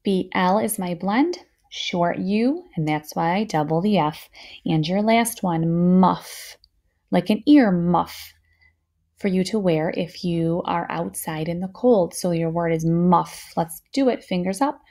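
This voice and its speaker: A woman teaching a phonics lesson to young children, sounding words out slowly and patiently with steady encouragement. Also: fairly low pitch.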